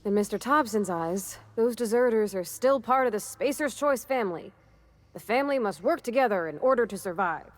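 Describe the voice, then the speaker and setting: An actress voicing a shy, earnest young woman engineer in a video game, speaking softly and hesitantly. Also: a little high, animated, brisk, close to an everyday voice. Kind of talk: game voice acting.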